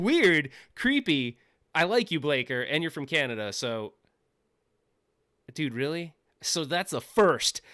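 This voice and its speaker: A man's voice: on the high side, pushed and bright, dry recording. Rambling joking man on a dry mic. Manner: rambling, joking, self-deprecating, often laughing. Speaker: livestream host. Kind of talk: casual livestream chat. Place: home office.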